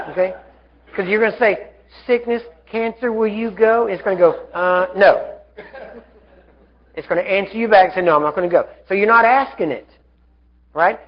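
A man preaching a healing sermon, fervent and commanding, building up to shouted commands. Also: high-pitched. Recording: dull lo-fi live recording.

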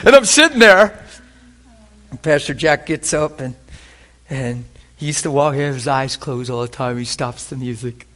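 A man preaching a sermon, telling a personal story with animated swings between hushed quoted prayer and loud, laughing bursts. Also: fairly high pitch, moderate pace. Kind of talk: sermon testimony.

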